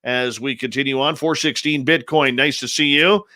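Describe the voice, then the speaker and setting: A man hosting a live radio show, greeting listeners one after another in a playful, upbeat manner with drawn-out announcer emphasis. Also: medium pitch, steady tone, sharp tone, no room sound. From Canada. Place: home studio in British Columbia.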